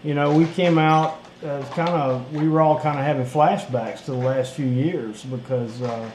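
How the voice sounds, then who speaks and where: A man co-hosting a casual live stream, telling stories with animated bursts. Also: fairly high pitch, moderate pace. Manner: animated storyteller, excited bursts. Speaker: podcast co-host. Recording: echoey room with faint hiss.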